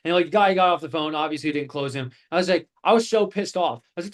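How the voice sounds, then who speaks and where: High-voiced young man teaching a class. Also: fast, hardly any pauses. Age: 20s. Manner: casual, swearing, animated storytelling. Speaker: course instructor. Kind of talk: live online class talk.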